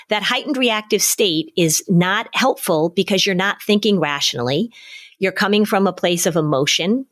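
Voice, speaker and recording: A middle-aged woman with a slightly low voice talks through parenting advice at a steady, measured pace. Her tone is calm and instructive, like a podcast co-host explaining ideas to listeners. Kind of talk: casual advice chat.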